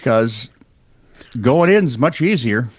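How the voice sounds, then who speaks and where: A man's voice: medium pitch, takes it slowly, no room sound. Guy reading weird news on a podcast, wry, lots of ups and downs in his voice. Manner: wry storyteller, animated, trails off and restarts. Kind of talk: casual comedic news chat.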